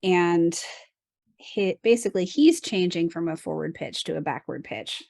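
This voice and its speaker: Speaking at a moderate pace, a woman with a fairly low, gravelly, darkish voice co-hosts a dance podcast as its dance instructor. She's expressive, chatting casually about partner technique, laughing often and tossing in playful asides. There's no room sound.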